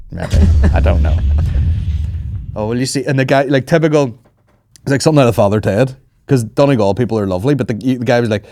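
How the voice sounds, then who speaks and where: A man's voice: mid-range voice, fast talker, no room sound. A man hosting a podcast, telling stories in casual chat, swearing often and putting on voices for the people he quotes. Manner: swearing, animated storytelling with mimicked voices. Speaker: podcast host.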